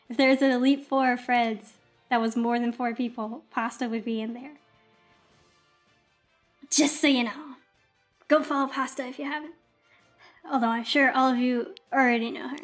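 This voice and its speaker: A young woman streaming casually, chatting to her viewers in an excitable, rambling way full of filler words. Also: a little high, normal speed, soft background music. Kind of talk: casual livestream chat.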